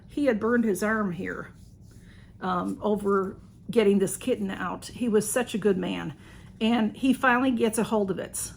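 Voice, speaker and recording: A woman telling a story in a casual, excited way, with many restarts and fillers. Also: medium pitch, moderate pace, gravelly. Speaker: channel host.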